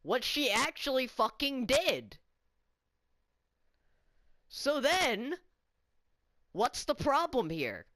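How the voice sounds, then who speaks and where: Slow, indignant female vlogger ranting. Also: high voice, sing-song, a bit bright, dry recording, clean studio sound. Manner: indignant, incredulous, swears often. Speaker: student vlogger. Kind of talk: story-time vlog rant.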